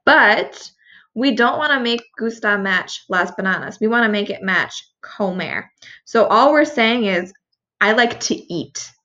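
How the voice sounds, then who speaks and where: Bright-voiced woman teaching step by step. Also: medium pitch, lively intonation, unhurried, lo-fi sound. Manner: patient, step-by-step explaining. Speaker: Spanish teacher. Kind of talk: recorded review lesson.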